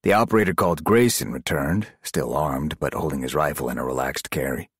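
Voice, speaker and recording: A man reading a thriller audiobook as narrator, husky and expressive. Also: very deep voice, fairly quick, dry recording, studio quality. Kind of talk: scripted narration.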